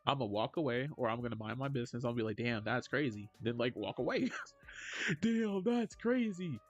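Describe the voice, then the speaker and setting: A man streaming casually, reading chat aloud and answering in an animated, joking way. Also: medium pitch, fast talker, soft background music.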